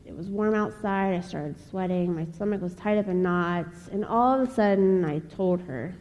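A young woman from Ohio giving a personal testimony speech, telling her story in an earnest, measured way with pauses. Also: on the low side, darkish tone, muffled recording. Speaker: speaker. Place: chapel. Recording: long reverb of a large hall.

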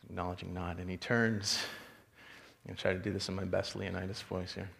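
A man preaching a sermon as a pastor, animated storytelling and rhetorical questions. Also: low voice, a little fast, vocal fry, in a large hall.

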